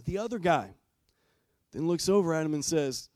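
A man's voice: a little high, expressive, moderate pace, pauses often, a little mellow, no room sound. A man preaching a sermon as pastor in a church. He talks conversationally and asks the congregation direct questions.

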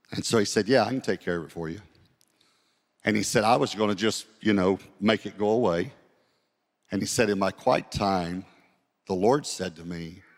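Male pastor, sermon delivery, slows for scripture, large reverberant hall. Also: on the low side. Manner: storytelling, slows down to read scripture.

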